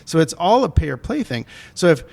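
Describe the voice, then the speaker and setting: His voice is a little high and a little mellow, with vocal fry, big pitch swings, and a fairly quick pace. Co-hosting a casual podcast, this film producer rambles loosely about the business side and keeps correcting himself mid-sentence.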